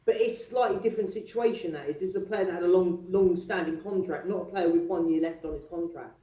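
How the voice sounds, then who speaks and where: A man's voice: high voice, quick pace. A male football fan calling in, talking passionately and animatedly. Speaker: caller. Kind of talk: fan phone-in chat. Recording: echoey, distant, muffled call audio.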